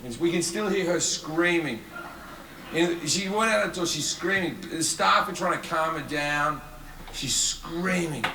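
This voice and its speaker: A man's voice: a little high, unhurried, sharp tone. A male stand-up comedian telling a crude anecdote on stage in front of a live audience. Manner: crude, swearing anecdotal delivery. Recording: echoey live venue with audience noise.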